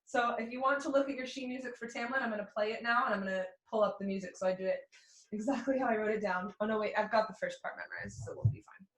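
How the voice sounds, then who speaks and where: A young adult woman with a slightly high, fairly even-toned voice speaks fast in an echoey room. She teaches a fiddle class online, explaining rhythm and counting beats aloud in a friendly way during the music lesson.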